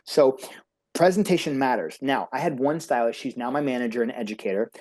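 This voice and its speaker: A talkative man speaks as a guest coach, his delivery quick and emphatic. His voice has a warm, mellow tone. He rushes from point to point with motivational energy. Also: mid-range voice. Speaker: beauty industry coach, podcast guest.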